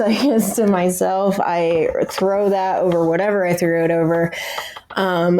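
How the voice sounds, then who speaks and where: A woman's voice: on the low side, dark tone. Blunt, swearing young woman recounting recovery. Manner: blunt, swears freely, filler-heavy. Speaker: podcast guest. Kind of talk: candid recovery storytelling.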